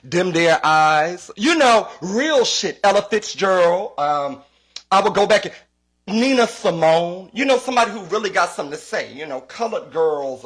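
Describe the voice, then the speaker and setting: A young man and comedian ranting in a casual comic style, profane and animated, often repeating himself. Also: high voice.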